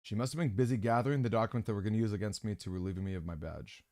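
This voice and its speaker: A man's voice: on the low side, very fast, a little mellow, no echo, clean studio sound. A man streaming a video game, chatting casually, reacting aloud and reading out the game's text. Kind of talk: casual let's-play commentary.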